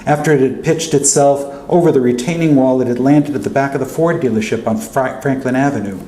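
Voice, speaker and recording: A male author narrating his own fiction aloud in a steady first-person voice at a college reading. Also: mid-range voice, a little fast. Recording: echoey hall with faint hum.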